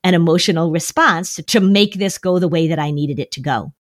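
A woman's voice: fairly low pitch, brisk, no room sound. Emphatic woman therapist, dry close mic. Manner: emphatic, repeats key words for stress. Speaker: therapist guest. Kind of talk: podcast interview.

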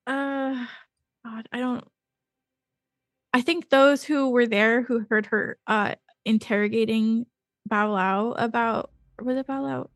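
A woman playing a tabletop game who thinks aloud and hesitates between ideas. Her voice sits a little high and sounds close and dry. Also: steady tone, slow pace, no room sound. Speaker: player. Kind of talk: casual play at a tabletop game.

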